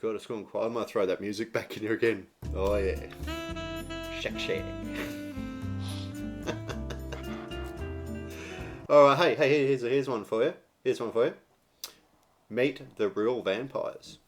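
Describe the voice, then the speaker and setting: A man's voice: mid-range voice, steady tone, soft background music. An Australian man co-hosting a radio show, joking and teasing his partner with lots of laughter. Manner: teasing, laughs often, quick banter. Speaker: podcast co-host.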